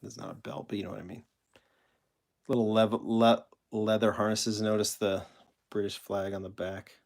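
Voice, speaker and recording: Low-voiced man hosting a casual live stream. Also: level tone, normal speed, darkish tone. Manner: rambling, self-correcting, answers chat questions while showing toy cars. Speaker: host of a live collector stream.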